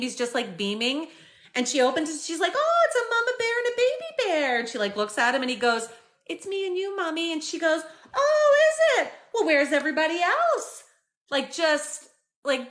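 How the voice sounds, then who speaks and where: A chatty woman streams live, recapping a story to her viewers with plenty of "like" and "um". Her voice is bright and a touch high, and she speaks casually to the camera. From Canada. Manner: chatty, animated retelling with many fillers.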